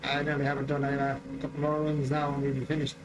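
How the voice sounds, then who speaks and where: A man's voice: mid-range voice, completely flat delivery, quick pace, background noise. An Irish man chatting casually while streaming a farming game, joking and repeating his lines with a chuckle. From Ireland. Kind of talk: casual gameplay chat. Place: home gaming room.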